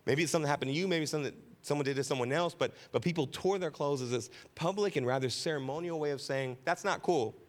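A man's voice: a little high, fast talker, hardly any pauses. A man preaching a conversational sermon as pastor, joking with the congregation and repeating key phrases for emphasis. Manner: casual, joking, keeps asking "right?".

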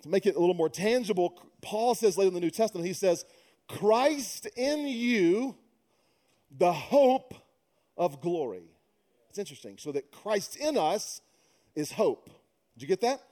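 A man's voice: high voice, expressive, fast talker, mellow. A middle-aged man preaching a sermon, mixing humorous conversational stories with emphatic preaching. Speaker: pastor.

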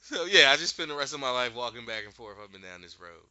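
A man recaps a show in a loose, chatty way, slipping into character voices as he retells each scene. His voice is very bright, with a lively swing in pitch. The recording is dry and slightly dull. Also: fast talker, no room sound. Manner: animated retelling, acting out characters' lines. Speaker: podcast host recapping a show. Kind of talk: casual recap chat.

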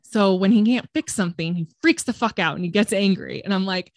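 A woman guest telling her story in a candid, conversational way, frank and expressive and swearing freely. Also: medium pitch, a little fast, dry recording, clean studio sound. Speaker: podcast guest.

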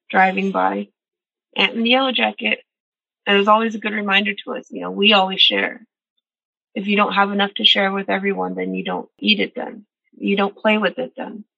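A woman's voice: medium pitch, sharp tone, husky, no room sound. A woman storyteller reading a traditional animal tale aloud and reflecting earnestly on its lessons. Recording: dull, dry recording.

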